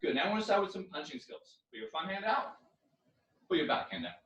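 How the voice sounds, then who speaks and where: A young man leads a karate lesson from his living room, calling out drills and shouting on each punch. His voice sits a little high and is picked up from across an echoey room. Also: big pitch swings, fast talker. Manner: coaching, counting drills with loud yells. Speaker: karate instructor. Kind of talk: online exercise class. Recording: echoey room, far from mic.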